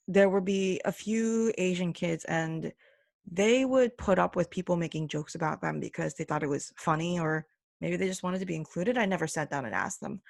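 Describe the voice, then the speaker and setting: A young woman gives her opinions on her own podcast, earnest and emphatic, with a gravelly fry running under her mid-range voice. The sound is close and dry, with no room around it. She drops into brief mocking impressions of other people. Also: lowish voice, no room sound. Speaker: podcast host. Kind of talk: opinionated solo commentary.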